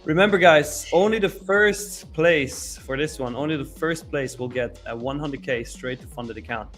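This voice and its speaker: Laughing, excitable male stream co-host. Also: on the high side, faint music behind. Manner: laughing, excitable, calls names out quickly. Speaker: co-host running a giveaway. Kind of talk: casual live-stream chat.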